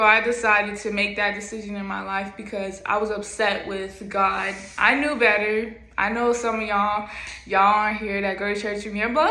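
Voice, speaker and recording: A young woman gives informal spoken teaching straight to her listeners, chatty and loose, full of "like" and "y'all". Her voice is bright and forward, and it rings in a roomy, echoey space. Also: mid-range voice. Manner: chatty and informal, with many fillers and frequent "like" and "y'all". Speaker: preacher. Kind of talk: casual spoken teaching to camera. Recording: echoey room.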